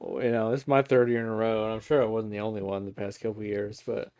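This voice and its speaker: A man with a fairly low voice talks sports in an easygoing, opinionated way. The recording is dry and close. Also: level tone, quick pace, a little mellow, smooth, no echo. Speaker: podcast co-host. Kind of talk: casual sports chat.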